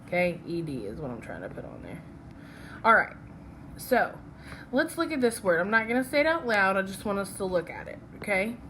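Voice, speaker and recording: A woman's voice: medium pitch, very animated, fairly quick, background noise. A woman teaching a phonics lesson from slides. She is patient and checks in with "okay?" after each step.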